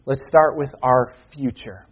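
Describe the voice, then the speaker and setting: A man preaching a sermon as pastor, earnest, slowing down for emphasis and reading Scripture with rising force. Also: mid-range voice, steady tone, breathy edge. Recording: dull lo-fi sound.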